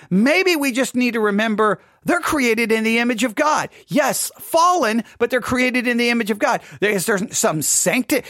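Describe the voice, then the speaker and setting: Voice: mid-range voice, fairly bright tone, no echo, clean studio sound. A Christian devotional host giving an informal, earnest talk that tells stories with many restarts, recorded at a home live-broadcast setup.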